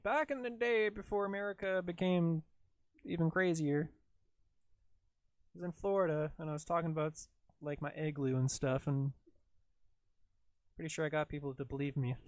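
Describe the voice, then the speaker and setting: A man's voice: on the high side, steady tone, normal speed, long pauses, a little mellow, no echo. Rambling Canadian guy chatting while he edits. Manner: rambling, lots of "like" fillers, talks to himself while working. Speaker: livestreaming video editor. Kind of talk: casual livestream chat.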